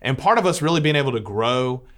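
A man's voice: mid-range voice, animated, fast, a bit bright. A Catholic priest telling a personal story to listeners in an earnest way, often restarting as he searches for words.

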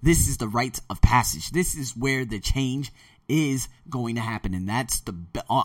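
A man's voice: mid-range voice, very animated, normal speed, no echo, distant mic. A man hosting a podcast, rambling energetically through a blunt motivational monologue. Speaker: podcast host.

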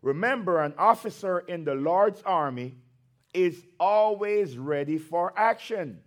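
High-voiced and expressive, this male pastor preaches slowly and emphatically, stretching out his words for effect. Between scripture readings he breaks into conversational asides.

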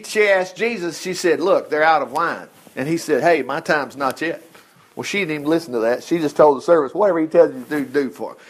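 Brief: male preacher, folksy and animated, high voice that swings widely. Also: slightly rough. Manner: folksy, animated, laughs often, acts out quotes. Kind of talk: sermon.

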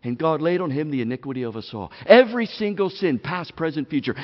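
A man preaching a sermon in a church, swinging between hushed and loud delivery and calling the congregation "gang". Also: fairly high pitch, animated, fast talker, few pauses. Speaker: pastor. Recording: dull sound with long hall reverb.

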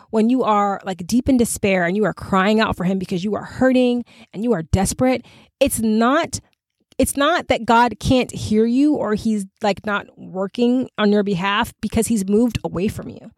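A woman's voice: mid-range voice, moderate pace, dry recording. Earnest woman podcast host. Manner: earnest, conversational, animated. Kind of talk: faith podcast talk.

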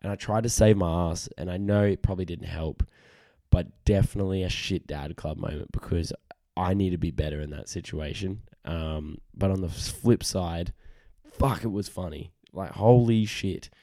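A man's voice: low-pitched, moderate pace, warm tone, no echo, clean studio sound. A tired man hosting a casual solo podcast, rambling, frank and self-deprecating, swearing freely. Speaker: podcast host.

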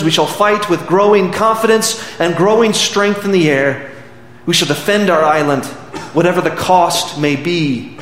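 A man voicing an elderly wartime prime minister, gruff and resolute, in rousing, deliberate oratory. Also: sits high, a bit bright. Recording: echoey hall with faint background noise.

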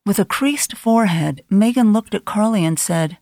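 A woman narrating an audiobook in a measured, grave storytelling manner. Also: mid-range voice, expressive, darkish tone, dry recording, studio quality. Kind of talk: scripted narration.

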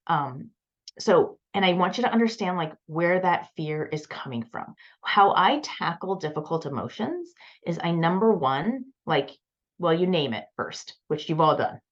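A woman's voice: fairly low pitch, lively intonation, a little slow, highs cut off. A woman coaching her students in a casual bootcamp talk, chatty and encouraging, with lots of "like" and "um". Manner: chatty, frequent fillers like "like" and "um", encouraging.

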